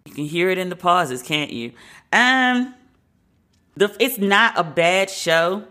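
A woman's voice: on the low side, lively intonation, slow pace, bright, forceful tone. A woman hosting a podcast, giving her frank opinions in a casual, conversational way. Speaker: podcast host.

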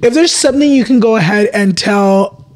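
A male podcast host with a notably high voice asks his guest questions in a gentle, encouraging way. He leans on lots of "you know" and "um" fillers as he wraps up the episode. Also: normal speed. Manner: gentle, filler-heavy, supportive. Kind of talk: casual podcast hosting.

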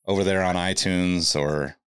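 Easygoing male podcast host, lowish voice. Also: fairly even intonation, a bit bright, clear, resonant tone, no echo, studio quality. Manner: easygoing, pauses with fillers. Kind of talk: casual podcast chat.

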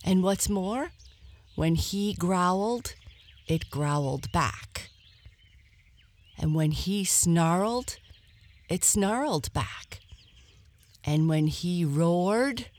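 Slow lady reading a bedtime story, soft, lots of ups and downs, sometimes whispers. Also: fairly low pitch, lively intonation. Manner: gentle, very slow, at times whispered.

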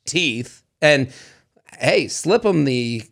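A man co-hosting a podcast in casual chat, animated and quick to slip into goofy voices. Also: mid-range voice, creaky. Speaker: podcast co-host.

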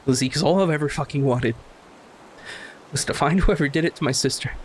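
A man's voice: a little high, brisk, slight background noise, lightly acted. A man playing an angry brother demanding answers. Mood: intense. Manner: intense, pleading and accusing. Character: angry young man seeking his sister's killer.

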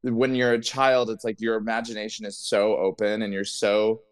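A man's voice: lowish voice, little pitch movement, normal speed, clean tone, no echo. A man who is a drag performer, a guest on a podcast, talking earnestly in a rambling way with many restarts. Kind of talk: casual interview chat.

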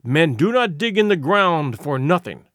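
A man's voice: on the high side, sing-song, a little slow, a bit bright, no echo. Persuasive tribal speaker, rhetorical build; male reader, dry sound.

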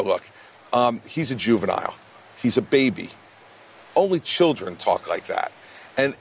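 A man, a presidential candidate answering questions in a blunt, emphatic way in a TV news interview. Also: mid-range voice. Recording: faint background noise.

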